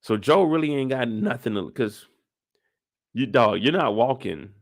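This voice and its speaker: A man giving a casual recap of a TV episode in animated, heavily slangy talk, swearing freely. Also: mid-range voice, measured pace. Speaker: show recap youtuber.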